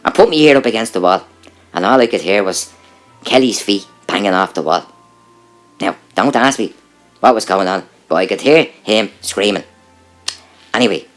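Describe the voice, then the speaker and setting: A man telling a comic story in a conversational, animated way, building up to the punchline. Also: fairly low pitch. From Ireland. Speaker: joke teller.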